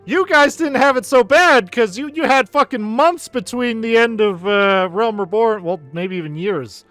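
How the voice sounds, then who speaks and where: A man's voice: extremely high pitch, moderate pace, fairly bright tone, dry recording, soft background music. A man streaming a video game, commenting casually with sarcasm and lots of swearing.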